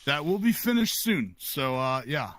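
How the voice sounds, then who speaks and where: A man's voice: a little high, big pitch swings, measured pace, a bit bright, dry recording. A man playfully announcing his retirement from racing in a mock-formal way. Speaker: racer making an announcement. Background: music.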